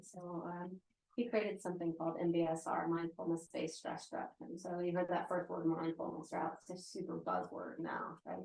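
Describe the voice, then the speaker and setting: A woman's voice: lowish voice, a little mellow, slight background noise. A woman in her forties teaching yoga and meditation in a casual live lecture, chatty and full of "right?" asides. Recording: roomy echo.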